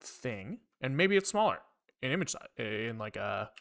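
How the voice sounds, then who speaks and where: A man's voice: mid-range voice, sing-song, normal speed, creaky, fairly bright tone. A man streaming live as he codes, thinking aloud in a rambling, profane way with wry asides to his chat. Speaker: programming livestreamer. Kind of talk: casual live coding talk.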